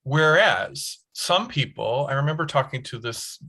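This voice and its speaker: A man's voice: fairly high pitch, lively intonation, unhurried, bright, forceful tone. A man interviewing a musician, asking thoughtful questions and searching for words as he goes. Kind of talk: interview conversation.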